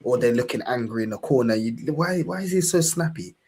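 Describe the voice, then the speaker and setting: A young Englishman with a London accent hosts a fan channel, chatting podcast-style with fiery passion, swearing and calling everyone "bro." His mid-range voice is husky and a little mellow, lively in intonation and slightly quick.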